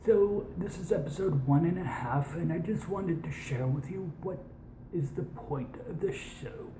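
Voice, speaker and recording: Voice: mid-range voice, warm tone. Young American doing a posh British accent. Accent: put-on posh British over American. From United States. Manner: rambling, with many restarts and slow, stretched words; drops into whispered asides. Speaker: host of a science show. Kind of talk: casual monologue. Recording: echoey room with background noise.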